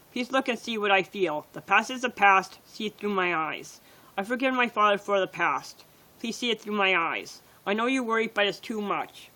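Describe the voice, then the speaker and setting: A woman's voice: mid-range voice, sharp tone, low-quality recording. A woman reading her own poems on a livestream, in plain and earnest short sentences.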